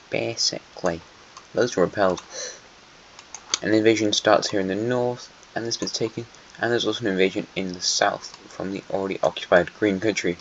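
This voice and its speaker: A young man narrates a strategy game in a loose, teasing way, talking straight to the countries on the map. His voice sits fairly low. The home recording sounds muffled and a little lo-fi, with faint background hiss. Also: a bit bright. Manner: playful, chatty, teasing the nations on the map. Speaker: channel host. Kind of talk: casual gameplay commentary.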